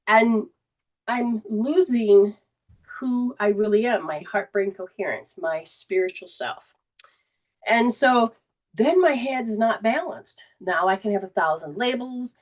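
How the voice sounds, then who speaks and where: A woman's voice: fairly high pitch, slow. Woman giving a rambling spiritual talk. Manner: rambling, repetitive phrasing, acts out quoted voices. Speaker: metaphysical teacher and show host.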